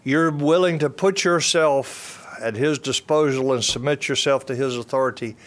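An older man telling a personal testimony in an earnest storytelling way, repeating phrases and restarting sentences. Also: mid-range voice. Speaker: speaker giving a testimony.

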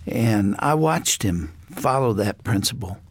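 A man's voice: on the low side, animated, a little slow, no echo. An older man hosting a Christian talk show, speaking in an earnest, reflective way.

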